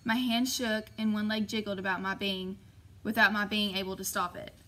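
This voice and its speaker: A woman narrating a first-person novel as an audiobook, steady and measured. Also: mid-range voice, rough recording.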